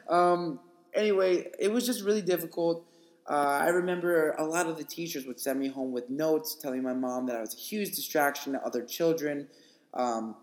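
A young man hosting a podcast talks through his own life story in a casual, earnest way and leans on plenty of fillers. His voice sits a little high for a man. The room around him rings with a noticeable echo. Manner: earnest, chatty, with frequent fillers. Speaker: podcast host. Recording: roomy echo.

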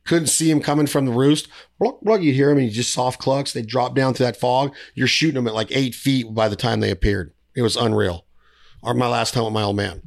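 A man hosting a podcast, rambling through a hunting story with quick restarts. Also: medium pitch, gravelly. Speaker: podcast host. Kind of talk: casual podcast chat.

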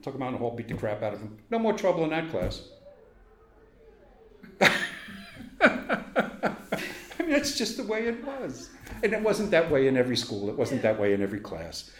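A man's voice: mid-range voice, wildly swooping pitch, normal speed, pauses often, reverberant. An older man from Brooklyn recalling his youth in an oral history interview, acting out the voices of people in his stories. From Brooklyn, New York. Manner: storytelling, acts out quoted voices, chuckles.

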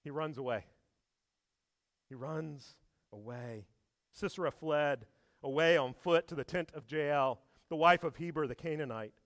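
Preacher guy, kinda high voice, lively storytelling with lots of questions, dry close sound. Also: normal speed, no room sound. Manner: animated storytelling with rhetorical questions. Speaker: pastor. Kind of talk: sermon.

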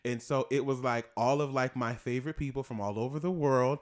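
A man's voice: mid-range voice, steady tone, fairly quick. A young man co-hosting a casual chat, rambling with many fillers. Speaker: co-host.

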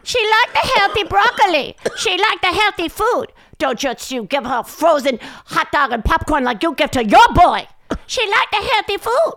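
A woman's voice: very high-pitched, very animated, normal speed, fairly bright tone, pitched above the performer's own voice, exaggerated voice. A woman voicing a nagging middle-aged mother who leaves bossy phone messages in clipped, repetitive broken phrases. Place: podcast studio.

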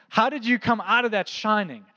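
High-voiced man preaching in a reverberant hall. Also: normal speed, sharp tone. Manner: conversational preaching, asks the room questions. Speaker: pastor. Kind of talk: sermon. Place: church auditorium.

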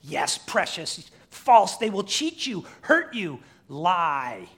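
A man's voice: high voice, big pitch swings, slow, a bit bright, husky, pitched above the performer's own voice, full character voice. A preacher voicing a wretched, spiteful male creature with a hissing, wheedling voice.

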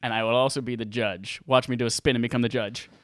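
A man hosting a casual live gaming podcast on a headset mic, energetic, crude and joking, laughing often. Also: medium pitch, quick pace, no echo. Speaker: podcast host. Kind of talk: casual livestream podcast chat.

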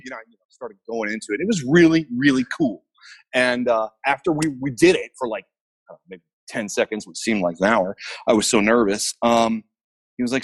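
A man's voice: lowish voice, lively intonation, fairly quick. A middle-aged man from Memphis, telling stories as a guest in a loose, rambling way with lots of fillers. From Memphis, Tennessee. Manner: rambling, laid-back, many fillers and restarts. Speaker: actor guest. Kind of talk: casual storytelling interview. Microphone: remote call from a basement.

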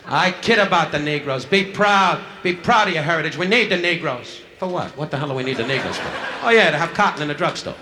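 A man's voice: a little high, lively intonation, quick pace, hardly any pauses. A man doing live insult comedy, brashly heckling people in the audience. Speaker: stand-up comedian. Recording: noisy 1960s live club recording. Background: audience laughter.

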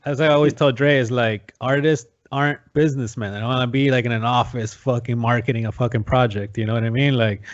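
A man in casual chat, relaxed and profane, weighing in with opinions. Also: mid-range voice, fast, hardly any pauses, lo-fi sound.

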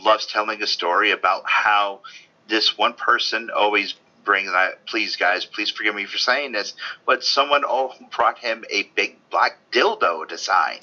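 Man, animated storyteller, very bright tense voice, husky edge, dull lo-fi sound. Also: lowish voice. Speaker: convention guest. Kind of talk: casual storytelling on a panel.

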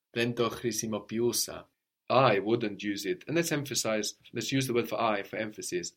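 A man's voice: fairly low pitch, moderate pace, fairly bright tone. A man teaching a language lesson, patiently prompting his student and often checking with a questioning "no?".

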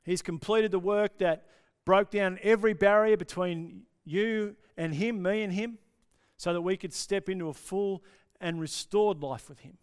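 A male pastor delivers an impassioned sermon in a smooth, clear voice pitched a little high. He builds to intense, swelling lines, then drops to near-whispered pauses.

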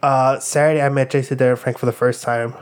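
Excited rambling young-sounding man. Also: medium pitch, quick pace, clean tone. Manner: rambling, excited storytelling with many fillers and quoted voices. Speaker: storyteller in casual chat. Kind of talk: casual chat.

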